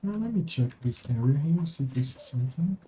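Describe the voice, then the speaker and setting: A man's voice: mid-range voice, expressive, a little fast, mellow, poor audio. A young man streaming a game, reading the dialogue and narration aloud in his own voice and dropping casual, swearing asides.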